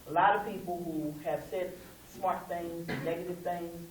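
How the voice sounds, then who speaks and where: A middle-aged woman who presides over a local civil rights chapter tells folksy, conversational stories at a community meeting, acting out quoted dialogue. Her voice is on the low side, with fairly even intonation and a moderate pace. The room is echoey, she's far from the mic, and there's faint hiss.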